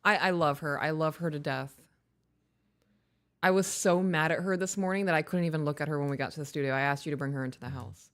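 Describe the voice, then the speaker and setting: Blunt, clear-voiced woman co-host. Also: deep voice, quick pace. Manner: candid and blunt, with swearing. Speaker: podcast co-host. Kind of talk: casual live-stream chat.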